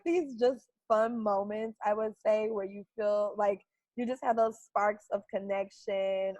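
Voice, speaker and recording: On a lo-fi recording with no room sound, a Canadian woman appearing as an interview guest tells stories in a mid-range, slightly mellow voice. She's chatty and laughs frequently. She also uses "like" a lot in her casual storytelling.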